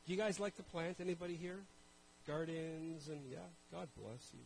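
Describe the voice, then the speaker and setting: A man's voice: fairly high pitch, normal speed, gravelly, a little mellow, low-quality recording. Conversational male preacher with a light hum behind him. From Canada. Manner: conversational, self-deprecating, addresses audience directly. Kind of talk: sermon with personal storytelling.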